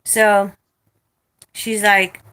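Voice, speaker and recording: Bright toned woman ranting on her vlog, swears a lot, no filter. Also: mid-range voice, very slow, clean tone. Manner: blunt and profane, animated retelling. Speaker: vlogger. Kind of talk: casual storytime rant.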